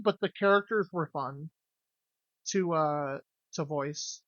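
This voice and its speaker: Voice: medium pitch, takes it slowly, fairly bright tone, no echo, lo-fi sound. A streamer chatting casually with viewers, jokey and loose, swearing freely. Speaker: game streamer.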